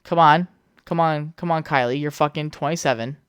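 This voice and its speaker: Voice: medium pitch, fairly quick, clear, resonant tone, no room sound, studio quality. Rambling, foul-mouthed solo podcast host. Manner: rambling, heavy swearing, chatty asides. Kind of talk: casual solo podcast storytelling.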